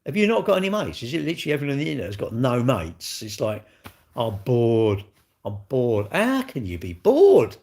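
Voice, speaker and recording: A man's voice: mid-range voice, wildly swooping pitch, fast, vocal fry, hardly any pauses, darkish tone. Blunt man chatting on a livestream. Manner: blunt, jokey, swears freely, talks back to chat. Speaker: livestream host. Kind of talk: casual livestream chat reading viewer comments.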